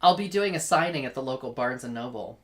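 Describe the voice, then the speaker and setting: A woman's voice: a bass voice, animated, fast talker. A woman co-hosting a podcast, telling stories in casual chat and laughing often. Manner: chatty, laughing storyteller. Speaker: podcast co-host.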